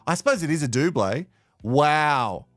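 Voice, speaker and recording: A man's voice: fairly high pitch, animated, unhurried, a bit bright, no echo, studio quality, faint music behind. An Australian man hosting a live watch-along, sarcastic and swearing with bursts of laughter. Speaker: host reacting to a reality show.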